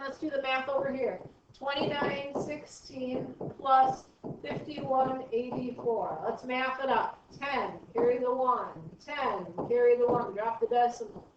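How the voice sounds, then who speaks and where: Woman math teacher, high voice, chatty, thinks aloud, distant mic, dull roomy sound. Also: steady tone, measured pace, noisy background. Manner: chatty, thinks aloud while working problems. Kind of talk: recorded math lesson.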